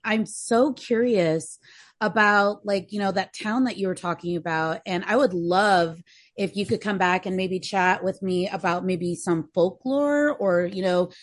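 A woman hosting a podcast, chatting casually and warmly thanking her guest. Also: mid-range voice, no room sound. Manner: friendly, thanks the guest, laughs along. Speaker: podcast host. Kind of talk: casual chat.

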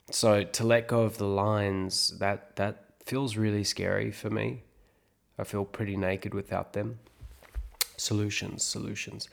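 A man from South Africa talks through his thoughts in a reflective podcast monologue, asking himself questions and answering them. His voice sits low and has a gravelly, creaky edge. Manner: thinks aloud, talking himself through questions. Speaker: actor and podcast host.

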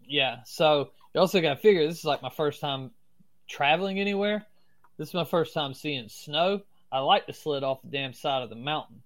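Slightly high and a bit bright, this man speaks at a moderate pace. A Florida native with a heavy Southern US accent, he guests on a podcast, telling stories casually and swearing as he pleases.

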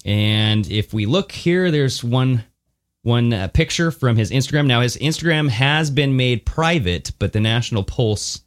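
A man's voice: mid-range voice, expressive, unhurried. A man hosting a podcast, reading out a news story with crude jokes in a casual chat. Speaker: podcast host.

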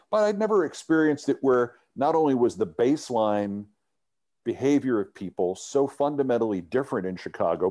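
A middle-aged man, a former sports TV host, telling animated anecdotes in an interview and often restarting his sentences. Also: mid-range voice. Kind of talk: storytelling interview.

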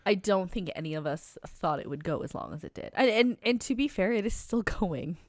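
A woman co-hosting a podcast in casual comedic chat, playful and quick to laugh. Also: medium pitch, expressive, dry recording. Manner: playful, laughs often, spins mock stories. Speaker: podcast co-host.

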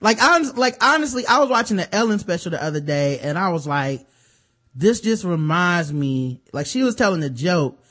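A man's voice: sits high, moderate pace. A man co-hosting a podcast, chatting casually and cracking opinionated jokes. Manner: animated and opinionated, jokey. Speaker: podcast co-host. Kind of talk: casual chat.

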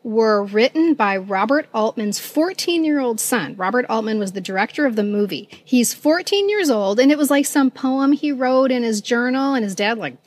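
A woman's voice: fairly high pitch, moderate pace, hardly any pauses. A woman co-hosting a podcast, telling stories in casual chat with frequent laughter. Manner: chatty, animated storytelling, laughs often. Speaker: podcast co-host.

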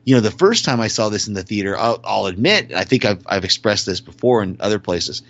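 A man's voice: fairly low pitch, brisk. A man hosting a casual chat, rambling and restarting his sentences as he animatedly retells scenes. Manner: rambling, self-correcting, animated storytelling. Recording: dull lo-fi dry audio.

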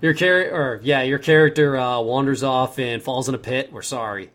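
A man's voice: mid-range voice, normal speed, fairly bright tone. Young man telling a rambling story. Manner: rambling, self-correcting storyteller. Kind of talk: casual chat.

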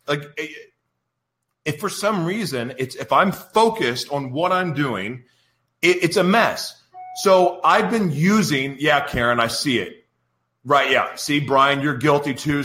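Male host of a live radio show, bright voice, roomy studio, chatty and rambling. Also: a little high. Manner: rambling, chatty, talks to live viewers by name. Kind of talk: casual live radio talk.

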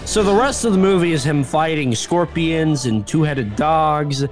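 A young man co-hosting a podcast animatedly retells a movie plot in casual comedic chat, his voice on the high side and his pace measured. He laughs and does squawking bird impressions, with music playing behind him.

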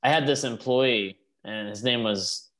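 A man co-hosting a podcast, relaxed and joking crudely while he watches a wrestling match, laughing often. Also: mid-range voice, measured pace. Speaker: podcast co-host. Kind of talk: casual watchalong chat.

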